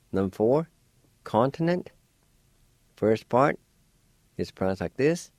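Man, language teacher, very slow, patient, spells letter by letter, dry studio sound. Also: mid-range voice, lively intonation, gravelly, no echo. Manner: encouraging. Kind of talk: slow spelling and pronunciation lesson. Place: radio studio.

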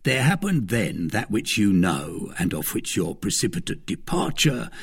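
A man voicing a timid, trembling male innkeeper in a storybook reading, speaking slowly and pleadingly. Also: on the low side, big pitch swings, creaky, slightly rough, exaggerated voice. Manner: slow, pleading, deferential.

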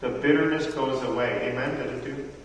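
A man's voice: mid-range voice, brisk, distant mic. Man preaching in an echoey hall. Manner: conversational preaching, quizzes the congregation. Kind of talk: sermon. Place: church hall.

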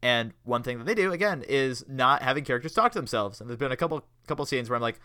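A man's voice: mid-range voice, expressive, quick pace, bright, forceful tone, smooth, no echo, clean studio sound. A man hosting a casual podcast review chat, laughing often and acting out quotes from episodes; he sounds tired. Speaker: podcast host.

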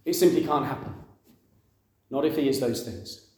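A man's voice: mid-range voice, normal speed, darkish tone. Conversational man preaching, echoey room. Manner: conversational, asks the audience questions, acts out quoted voices. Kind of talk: sermon.

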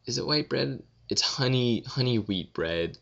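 A man's voice: mid-range voice, expressive, a little slow, vocal fry, a bit bright, highs cut off. A young man casually answering viewer questions in a rambling, offhand, sleepy way. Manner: rambling, offhand, swears and yawns, tired. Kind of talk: casual Q&A vlog.

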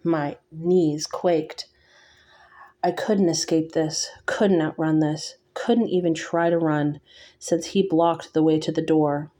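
A woman reading a novel aloud in first person, measured and slightly halting. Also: low-pitched, steady tone, dark tone. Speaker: audiobook reader.

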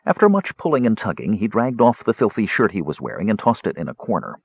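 A man narrating a fantasy audiobook in a varied, expressive storytelling manner. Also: on the low side, fast, hardly any pauses, breathy edge, no room sound. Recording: dull dry studio recording.

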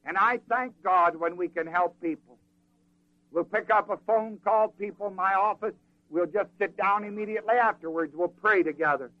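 A man preaching a sermon in a folksy, animated way, acting out the people in the scripture. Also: high-pitched, moderate pace, no echo, lo-fi sound.

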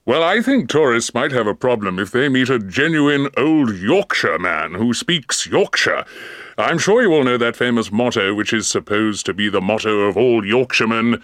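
Male panelist, measured explainer, dry studio. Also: medium pitch, expressive, fairly bright tone, no echo. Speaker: panel member. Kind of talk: scripted panel discussion.

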